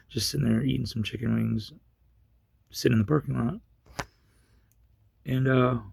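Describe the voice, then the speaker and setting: There's no room sound as a husky, gravelly-voiced man at medium pitch recounts a lengthy personal story in a casual way. He rambles with frequent restarts and gets loud whenever he reenacts his own yelling.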